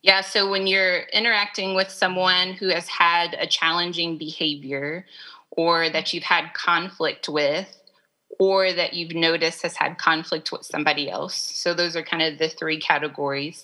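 A woman's voice: fairly low pitch, level tone, normal speed, pushed and bright, low-quality recording. A woman speaking as a guest in a conversational podcast interview, explaining in an earnest way with lots of "like" and "um". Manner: earnest, explanatory, filler-heavy with "like" and "um". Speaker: guest expert on restorative practice.

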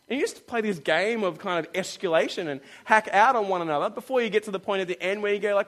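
Pastor, male, middle-aged, high voice, playful, sermon delivery that acts out dialogue. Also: fast, few pauses. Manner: lively, joking, acts out dialogue.

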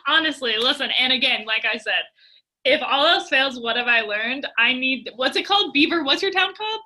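Very bright, high-voiced excitable woman. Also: brisk. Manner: excitable, storytelling with many "like"s. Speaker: podcast guest. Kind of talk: casual interview chat.

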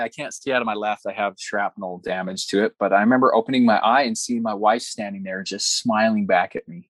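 A man's voice: on the low side, fairly quick, dry recording. Earnest young man telling his story. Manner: earnest, animated storytelling with quoted dialogue. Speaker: guest. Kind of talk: personal story in an interview.

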